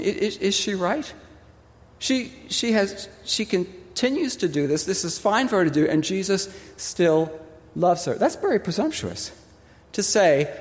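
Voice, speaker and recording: A man preaching a sermon as pastor, expressive and emphatic, pausing on key words and acting out the voices he quotes. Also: sits high, big-room sound.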